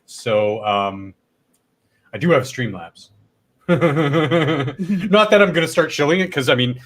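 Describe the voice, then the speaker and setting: A man's voice: fairly high pitch, lively intonation, slow. A man hosting a casual late-night stream, his throat worn and stuffed up from long talking. He rambles, coughs now and then and swears casually. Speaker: stream host.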